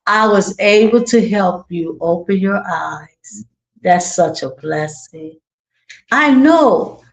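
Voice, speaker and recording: An online Torah class teacher talking informally to viewers, exclaiming joyfully and repeating phrases for emphasis. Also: medium pitch. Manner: informal colloquial speech. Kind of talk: livestream teaching and reacting to viewer comments.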